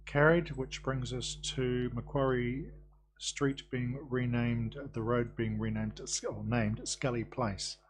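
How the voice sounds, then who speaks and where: Brisk New man chairing a meeting. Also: medium pitch, steady tone, noisy background. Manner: brisk and procedural, with dry quips. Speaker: council committee chair. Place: council chamber.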